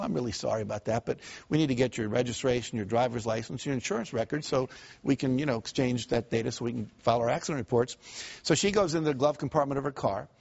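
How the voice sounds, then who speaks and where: A man's voice: on the high side, darkish tone, dull audio. Man giving a motivational seminar talk. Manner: storytelling, acts out quoted voices; asks the audience questions. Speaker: motivational speaker.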